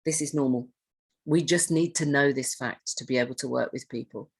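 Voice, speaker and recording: A woman with a low, husky voice gives a training talk. She speaks conversationally, puts questions to her listeners and often starts a phrase over. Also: normal speed. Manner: conversational, asks the audience questions, restarts phrases. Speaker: trainer on hoarding and self-neglect. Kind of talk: training presentation.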